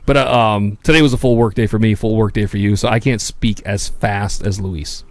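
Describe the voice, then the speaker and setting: A man hosting a podcast in casual chat, joking and swearing, with bursts of loud laughter. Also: fairly even intonation, a little fast. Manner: profane, joking, laughs loudly and jumps high in pitch. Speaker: podcast host.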